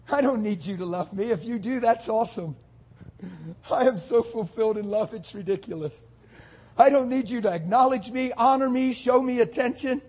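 A man's voice: extremely high pitch, moderate pace, a little mellow, slightly rough. A man preaching a sermon, talking to his congregation with fervent, emphatic delivery.

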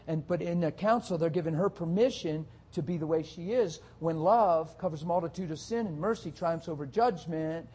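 A male pastor preaching a sermon, dropping soft and low at times and building to loud, rapid rhetorical questions. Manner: swings from soft and low to loud, high-pitched exhortation.

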